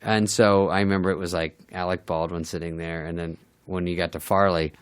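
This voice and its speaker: A man's voice: low-pitched, flat delivery, a little fast, clear, resonant tone. A middle-aged man telling comic stories on a podcast, swearing and mimicking people as he laughs along. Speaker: podcast guest, comedian. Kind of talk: casual storytelling chat.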